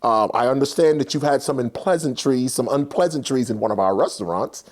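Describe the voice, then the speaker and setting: A man voicing a formal male corporate attorney who talks in a low, measured, overly polite way. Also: darkish tone, lightly acted.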